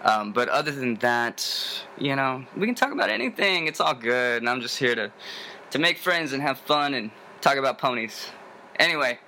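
A man's voice: moderate pace, a little hiss or hum. A young man from Tennessee with a General American accent, rambling casually and jokily as he introduces himself in a video. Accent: General American, no Southern drawl. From Tennessee, USA. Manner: rambling, animated, jokey, with sudden high sung bits. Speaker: vlogger introducing himself to a forum.

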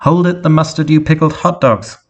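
A man voicing a villainous female robot head who shouts pompous insults, in a read-aloud fan story. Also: medium pitch, a little fast, voice pushed up, lightly acted. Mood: hostile.

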